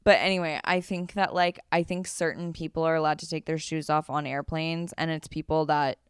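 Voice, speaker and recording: A woman's voice: sits low, little pitch movement, clear, resonant tone, dry recording, studio quality. A woman co-hosting a podcast, chatting bluntly and casually with plenty of swearing. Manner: blunt, frequent swearing, quick agreeing interjections. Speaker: podcast co-host. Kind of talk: casual chat.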